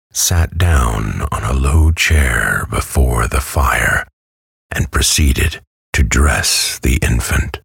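Very deep, calm man reading a bedtime story. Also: husky, no room sound, studio quality. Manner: calm, soothing, slow. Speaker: audiobook narrator. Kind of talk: soothing bedtime story narration.

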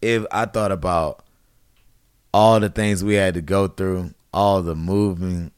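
A man's voice: sits low, fairly even intonation, unhurried, clear, resonant tone, no echo, clean studio sound. A man in his thirties in casual conversation, telling a story with animation and acting out quotes in a raised voice. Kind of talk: casual chat.

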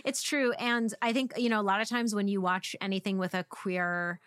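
A woman's voice: medium pitch, flat delivery, moderate pace, a bit bright, smooth, no echo. Woman, casual film chat, filler-heavy, dry close mic. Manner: chatty, frequent "like" fillers. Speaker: podcast co-host.

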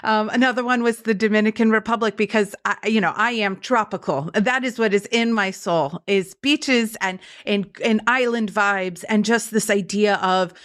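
Animated woman telling stories. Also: mid-range voice, normal speed, few pauses. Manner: animated storyteller acting out quoted voices. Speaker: guest speaker. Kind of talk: podcast interview storytelling. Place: home studio.

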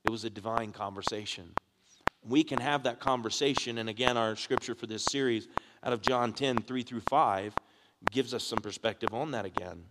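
A man's voice: medium pitch, moderate pace. A man, a pastor, preaching a sermon and asking the congregation questions as his delivery builds in force. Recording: echoey hall with background noise.

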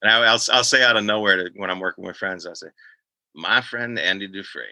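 An older man from Boston telling stories in a casual chat, animated and slipping into voices as he recounts events. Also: on the low side, racing, vocal fry, dry recording, poor audio. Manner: animated storyteller, slips into voices. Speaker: podcast guest.

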